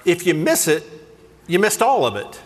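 Male preacher, fairly high, animated comic storyteller, reverberant hall. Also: normal speed, slightly rough. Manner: animated, jokey, self-deprecating. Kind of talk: humorous sermon storytelling.

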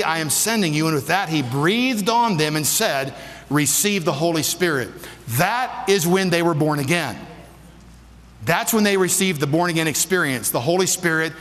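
High-voiced male pastor preaching in a hall. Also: a bit bright. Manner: emphatic, repeats questions to the congregation. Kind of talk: sermon. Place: church. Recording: long hall reverb.

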